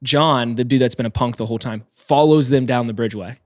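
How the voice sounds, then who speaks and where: A young man co-hosting a podcast, telling a story with gusto and slipping into the voices of the people in it. His voice sits at an ordinary middle pitch. The sound is dry and close, with no room around it. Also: fairly quick, no echo. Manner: animated storyteller, acts out quoted people. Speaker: podcast co-host. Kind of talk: casual storytelling chat.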